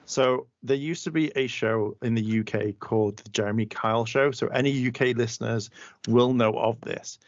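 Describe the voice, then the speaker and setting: A man's voice: mid-range voice, fairly even intonation, normal speed, dry recording. A man co-hosting a podcast, telling a rambling story in casual chat and swearing freely. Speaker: podcast co-host. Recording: dull, muffled audio.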